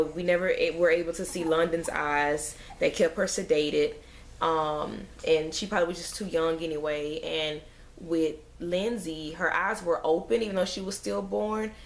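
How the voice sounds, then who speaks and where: A woman, a mother, chatting to camera in a rambling, emotional way with sighs and fillers. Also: deep voice. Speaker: mother vlogger. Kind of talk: casual chat to camera.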